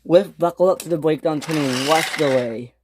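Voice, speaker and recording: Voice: medium pitch, normal speed, a little mellow, husky. Casual toy train story narrator. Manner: loose storytelling with restarts.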